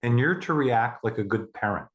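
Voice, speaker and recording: A man leading a guided meditation, speaking slowly and deliberately with long pauses and a calm, reassuring manner. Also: mid-range voice.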